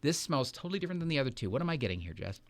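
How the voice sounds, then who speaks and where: A playful man co-hosting a relaxed wine-tasting chat, joking around and repeating catchphrases. His pitch swings widely at a middle level, and he talks at an easy conversational pace. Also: very fast. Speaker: radio host. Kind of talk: casual chat.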